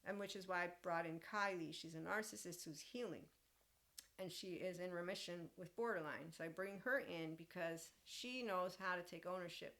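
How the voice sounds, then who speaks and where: Animated woman podcast host, lower voice. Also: moderate pace. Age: young adult. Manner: animated, laughs often, acts out quoted lines. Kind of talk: casual monologue.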